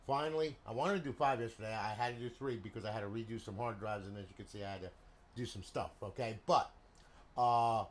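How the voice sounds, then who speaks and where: Chatty man with fillers, faint hiss. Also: mid-range voice. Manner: chatty, repeats fillers like "you know" and "okay". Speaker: console modder and seller. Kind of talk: casual product walkthrough.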